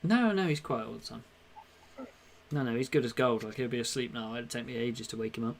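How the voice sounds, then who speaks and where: Brief: young man, podcast co-host, lively storyteller, mid-pitched, acts out quotes. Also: brisk, creaky, a little hiss or hum. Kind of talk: casual chat.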